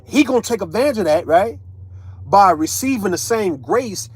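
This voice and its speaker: Profane, high-voiced man ranting. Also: expressive, moderate pace, breathy edge. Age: 30s. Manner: profane, emphatic, repeats tag words like right and man. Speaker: online commentator. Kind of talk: casual ranting commentary.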